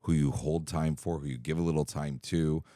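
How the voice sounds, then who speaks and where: A man co-hosting a podcast, trading quick teasing banter and reflective asides. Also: a bass voice, steady tone, warm tone, no room sound, clean studio sound. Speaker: podcast co-host. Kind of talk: casual chat.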